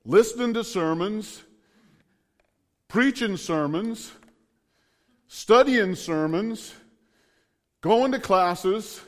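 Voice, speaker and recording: A man's voice: high voice, big-room sound. A middle-aged man preaching a sermon, building fervent repeated declarations.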